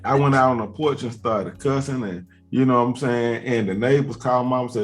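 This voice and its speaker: A man's voice: medium pitch, a little fast, few pauses, soft background music. Laid-back man spinning a long story. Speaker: host. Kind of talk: casual chat, storytelling.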